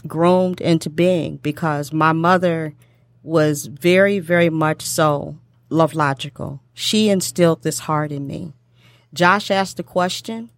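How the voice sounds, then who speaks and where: Woman, middle-aged, low voice, slow pace, heartfelt repetitive talk, dry sound. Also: dry recording. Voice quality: emotional, tongue-tied at times. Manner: warm repetitive speech with many fillers. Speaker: show host.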